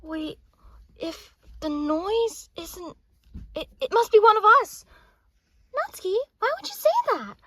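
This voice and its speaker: Woman voicing excitable anime schoolgirls, super high and bouncy, plush toy skit. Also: no echo. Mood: lively. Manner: excitable, quick back-and-forth chatter. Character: anime schoolgirls at a sleepover, girlish. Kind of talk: plush toy video voice acting.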